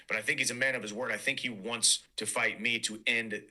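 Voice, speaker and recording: A man's voice: medium pitch, fairly even intonation, a little fast, pushed and bright, poor audio. A man answering interview questions earnestly in a played clip, repeating himself with fillers. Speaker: interviewed athlete.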